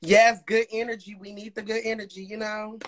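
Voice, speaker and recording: A man's voice: high-pitched, level tone, brisk, a little hiss or hum. A man from Indiana joining a livestream as a guest, gushing with compliments, laughing often and swearing casually.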